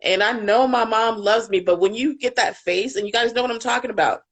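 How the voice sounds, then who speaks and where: A woman's voice: a little high, a little fast. A woman parent coach speaking candidly and with feeling in a live panel discussion, swearing freely as she talks.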